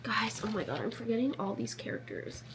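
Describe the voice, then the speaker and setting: Woman in her 20s, excitable reading vlogger, casual home recording. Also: fairly high pitch, brisk, a little hiss or hum. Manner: excitable, chatty, full of fillers. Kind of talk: casual vlog chat.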